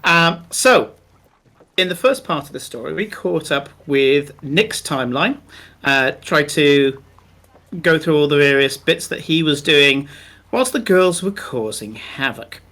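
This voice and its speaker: A man's voice: on the high side, lively intonation, sharp tone. A man narrating a tabletop game as game master, describing scenes at length with many ums and uhs. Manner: descriptive, unhurried, many fillers.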